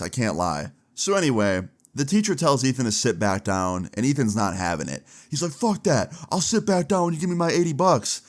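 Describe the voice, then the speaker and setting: A young man tells a school story in loose, chatty storytime style, swearing freely. His voice is lively and informal, with plenty of slang. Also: medium pitch. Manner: animated, profane and chatty. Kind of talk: casual storytime.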